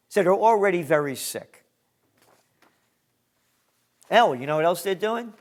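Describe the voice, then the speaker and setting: A man hosting a news commentary monologue, reading headlines and adding emphatic, sarcastic asides. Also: fairly high pitch.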